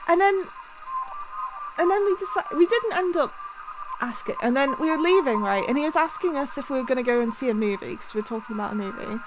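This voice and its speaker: Giggly high-voiced woman streaming. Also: fast talker, background noise. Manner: giggly, animated, breaks into laughter often. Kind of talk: casual storytelling to a stream. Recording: music playing underneath.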